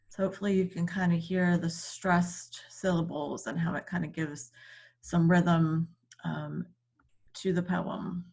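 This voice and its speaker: A woman teacher giving a recorded reading lesson, explaining slowly and patiently with frequent ums. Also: lowish voice, fairly even intonation, vocal fry, a little mellow.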